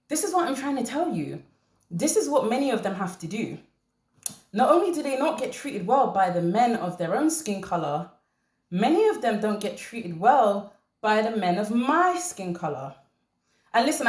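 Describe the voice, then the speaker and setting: A woman hosting a commentary channel, talking to camera in an animated way and repeating her points for emphasis. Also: fairly low pitch, reverberant. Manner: animated, laughing, emphatic repetition.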